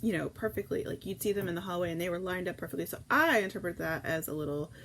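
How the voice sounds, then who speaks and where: Chatty woman with a gravelly edge. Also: fairly low pitch, quick pace, a bit bright, slight background noise, rough recording. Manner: rambling, effusive, reads comments aloud. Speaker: host of a morning livestream. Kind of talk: casual chat reading viewer comments.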